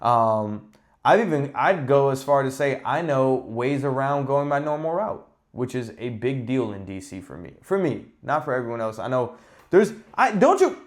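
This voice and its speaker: A man hosting a podcast, telling stories in a casual, animated and exasperated rant with plenty of swearing. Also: medium pitch, moderate pace. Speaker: podcast host. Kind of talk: casual ranting monologue.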